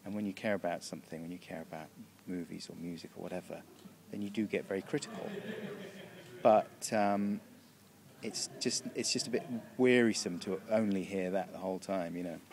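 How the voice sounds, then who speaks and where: In a room backstage, a British comic rambles through an interview, often breaking off and starting his sentences again with a chuckle. He speaks a bit fast in a low, creaky, dark-toned voice.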